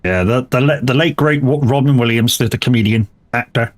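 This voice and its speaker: Talking briskly in a medium pitch, this man streams live while gaming, chatting loosely with a mid-range voice. His talk rambles between subjects, with casual cursing and frequent restarted sentences.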